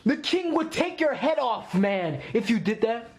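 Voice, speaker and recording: A man hosting a live anime reaction video, excitable, laughing often and talking straight to his viewers. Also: very high voice, a little slow, a little hiss or hum.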